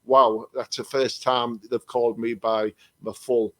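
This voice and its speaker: A man's voice: medium pitch, little pitch movement, a little slow, fairly bright tone, dry recording. An English man, a psychic medium, telling rambling stories with many restarts in a casual chat over a video call. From England.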